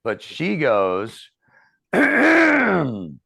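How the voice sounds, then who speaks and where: A man in his thirties telling a profane, animated story as a podcast host in casual chat. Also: on the low side, measured pace.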